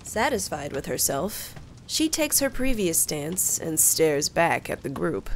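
A woman tells a tabletop adventure in a slow, storybook manner with a lively, rising and falling voice. Her tone is a touch low and gravelly, with a faint hiss behind it. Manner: slow, expressive telling with character voices. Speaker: game master narrator. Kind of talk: storybook narration of a tabletop game.

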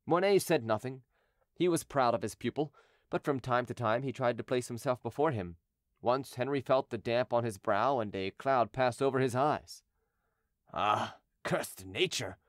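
A man narrates an audiobook in a steady, measured voice. His pitch sits in the middle range. The recording is dry and close to the mic. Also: no room sound. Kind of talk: scripted narration.

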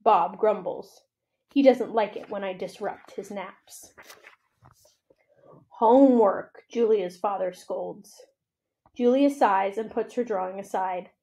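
A woman reading a children's novel aloud for a library, with expressive, steady storytelling. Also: medium pitch, a little slow.

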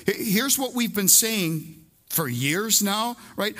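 Bright-voiced, emphatic male preacher. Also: high-pitched, expressive, slow pace. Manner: emphatic, conversational, repeats key phrases. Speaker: pastor. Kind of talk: sermon. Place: church service before a congregation.

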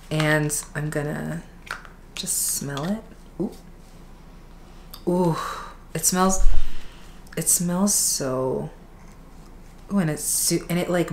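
A woman's voice: low-pitched, a little hiss or hum. A woman vlogger talking casually and candidly while unboxing products, with plenty of "like" fillers. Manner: chatty, candid, with many "like" fillers. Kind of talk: casual chat.

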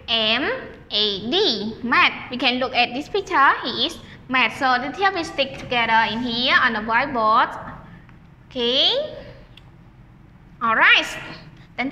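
Woman, kindergarten teacher, slow repetition for kids, echoey classroom, reverb. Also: sits high, sharp tone, a little hiss or hum. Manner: slow, drawn-out repetition for children. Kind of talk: online classroom lesson.

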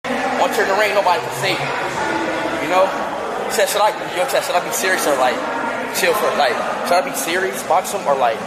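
A young man giving loud, brash reaction commentary as a streamer, yelling and swearing heavily. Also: high voice, normal speed, a loud crowd, very noisy.

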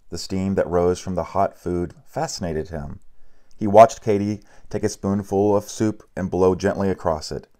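A man reading a picture book aloud in a steady, unhurried way, with small slips and restarts. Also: deep voice. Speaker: narrator.

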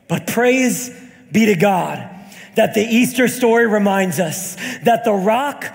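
A young man preaches with a very high, gravelly voice, calling out to his congregation and rising into shouted, sing-song peaks. The sermon is recorded live in a church hall with a long echo. A faint congregation can be heard behind him. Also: animated, slow. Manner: storytelling with call-outs to the congregation. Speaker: pastor.

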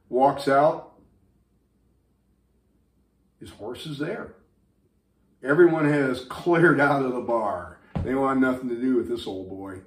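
Slow easygoing male storyteller. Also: mid-range voice, roomy sound. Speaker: YouTube channel host. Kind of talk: casual joke telling.

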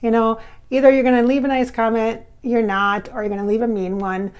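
A chatty, giggly woman with slightly blurred S sounds from clear braces, talking casually to camera from home as a medium. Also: a little high, level tone, fairly quick, darkish tone, highs cut off. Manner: chatty and giggly, many fillers and restarts. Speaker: spiritual medium and channel host.

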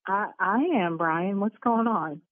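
A woman who owns a salon, speaking over the phone in a fast, indignant, cursing manner. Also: mid-range voice, no room sound. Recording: tinny phone line.

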